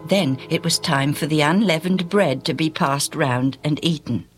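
A woman narrating a storybook tale in an animated, exclamatory way, often asking the listener questions. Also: deep voice, moderate pace, faint music behind.

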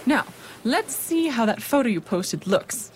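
A woman playing a vain, bossy company manager in an audio drama, brisk and self-important. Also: fairly high pitch, very animated, a little hiss or hum.

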